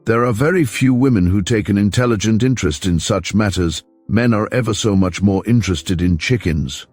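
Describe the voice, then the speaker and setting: A man voicing a fussy, mild middle-aged investigator who speaks softly and pedantically, low in pitch, for an audiobook. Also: brisk, dry recording, faint music behind, lightly acted. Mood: prim.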